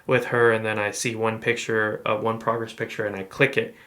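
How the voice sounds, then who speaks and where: A man co-hosting a podcast, telling a personal story in a relaxed, rambling way with many fillers and restarts. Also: fairly low pitch, brisk. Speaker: podcast co-host. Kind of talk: casual storytelling chat.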